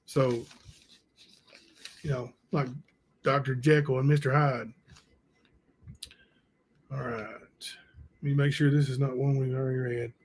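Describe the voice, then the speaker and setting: A man hosting a livestream, reading letters aloud and chatting with viewers in a slow, halting way with many fillers. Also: mid-range voice, level tone, darkish tone. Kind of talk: casual livestream reading and chat.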